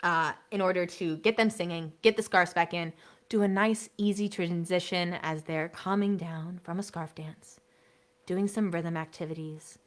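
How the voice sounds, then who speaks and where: A woman teaching an online workshop for elementary music teachers, chatty and energetic, sometimes singing short songs to demonstrate. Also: fairly low pitch, moderate pace.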